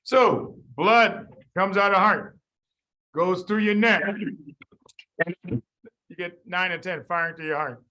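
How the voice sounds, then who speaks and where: A man teaching a live medical review class, quizzing students and talking through the reasoning in an animated way. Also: sits high, low-quality recording. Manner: animated, quizzes students, quick asides with sudden quiet drops. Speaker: medical board review lecturer.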